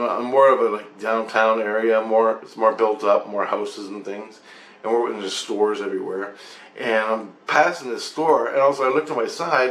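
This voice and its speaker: Rambling man retelling a dream, roomy echo. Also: mid-range voice. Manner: repetitive, profane, excitable retelling. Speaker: dream storyteller. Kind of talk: rambling first-person dream recounting. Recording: roomy echo with faint ambient noise.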